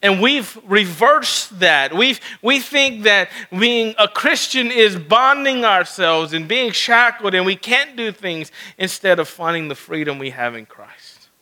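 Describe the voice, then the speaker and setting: A man's voice: sits high, expressive, unhurried, bright, forceful tone. A man preaching a sermon, acting out quoted lines as he teaches. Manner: preaching, acts out God's words in quoted asides. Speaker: pastor.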